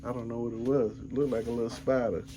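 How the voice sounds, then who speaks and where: A middle-aged man in a casual vlog, rambling through a story in an easygoing way. His voice sits at an ordinary middle pitch, and faint background noise hums behind him. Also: little pitch movement, quick pace, warm tone. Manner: laid-back, rambling, peppered with "man" and "you know what I'm saying". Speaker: vlogger.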